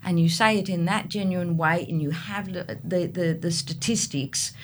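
A middle-aged woman, a real estate agent, telling lively stories in a podcast interview and acting out the people she deals with. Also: lowish voice, moderate pace, slight background noise. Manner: animated storyteller, acts out buyers.

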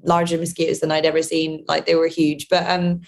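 Hesitant young London actress, laughing softly. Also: female voice, sits low, completely flat delivery, a little fast, vocal fry. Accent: London English. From London, England. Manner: hesitant, many restarts and soft laughs. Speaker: actress, interview guest. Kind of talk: casual interview answers.

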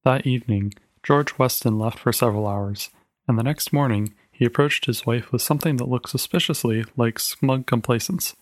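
A man's voice: medium pitch, normal speed, no echo. Dry-voiced male story narrator. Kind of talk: audiobook reading of a short story.

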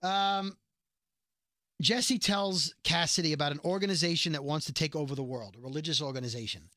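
A man co-hosting a podcast and recapping a TV episode in casual chat, animated and quick to slip into character voices when he quotes. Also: a little high, no room sound, clean studio sound.

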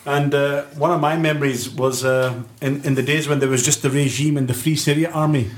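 A man, a guest on a panel, telling quick anecdotes with a chuckle in a casual chat. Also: medium pitch, fairly even intonation. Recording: roomy echo.

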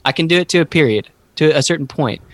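Halting, reflective man, dry sound. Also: a little high, expressive, no echo. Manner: slow, halting, searching for words. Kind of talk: reflective conversational podcast.

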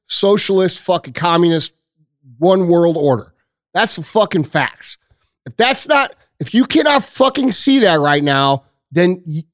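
A man's voice: high-pitched, no room sound, clean studio sound. A man hosting a podcast who rants furiously at his listeners, cursing heavily as he lectures them. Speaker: podcast host. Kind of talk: angry profane rant.

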